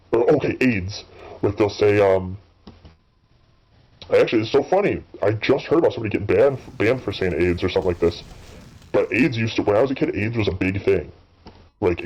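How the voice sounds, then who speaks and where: A man's voice: fairly low pitch, darkish tone, muffled recording. A man in his thirties rambling through casual, profane commentary while playing a game, full of fillers and restarts. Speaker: gaming channel host.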